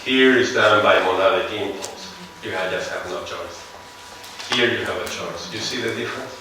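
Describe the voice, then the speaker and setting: A man with a non-native English accent giving a seminar lecture, musing slowly and often putting rhetorical questions to his audience. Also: low voice, background noise. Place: large lecture hall. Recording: echoey hall, heard from far off.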